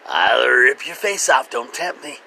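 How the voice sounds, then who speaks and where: Brief: man doing a threatening old female house cat, hushed and menacing, lively swings. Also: medium pitch, unhurried, vocal fry, slight background noise, voice pushed up, heavily acted. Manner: menacing, partly whispered.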